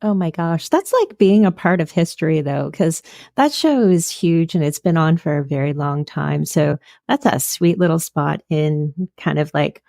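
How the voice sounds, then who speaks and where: A woman's voice: low-pitched, expressive, moderate pace, vocal fry, few pauses, darkish tone, dry recording, clean studio sound. A woman hosting a podcast interview, enthusiastic and gushing, with lots of likes and ums. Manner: enthusiastic, gushing, filler-heavy. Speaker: podcast host. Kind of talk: casual interview chat.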